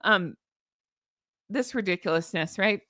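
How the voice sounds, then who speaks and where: A woman hosts her own channel in a casual commentary vlog, speaking at medium pitch in an unhurried, sharp-toned way. The clean studio recording has no echo, and she chats sarcastically, laughing often while showing viewers her joke pictures.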